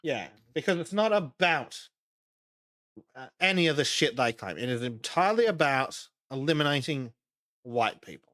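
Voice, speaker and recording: A man's voice: medium pitch, big pitch swings, normal speed, fairly bright tone, dry recording, studio quality. A man co-hosting a podcast over an online voice call, talking in a casual, sarcastic way and swearing freely. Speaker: podcast co-host. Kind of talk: casual chat.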